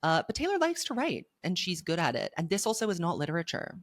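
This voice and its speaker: A woman's voice: lowish voice, wildly swooping pitch, quick pace, no room sound. A young adult woman co-hosting a podcast in casual chat, blunt and emphatic, with dry asides. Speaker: podcast co-host.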